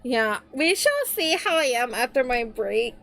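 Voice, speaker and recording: Young woman streaming, high voice, slow unhurried chat, lots of likes and ums and restarts. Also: animated, creaky, a bit bright. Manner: chatty, scattered, many fillers and restarts. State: tearful and laughing. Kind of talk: casual livestream chat.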